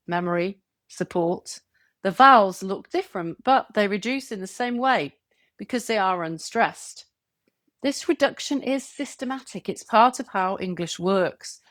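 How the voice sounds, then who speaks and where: A woman giving a scripted English pronunciation lesson, clear and measured, stretching example words to show stress. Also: mid-range voice, fairly bright tone, no echo, studio quality. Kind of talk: scripted tutorial narration.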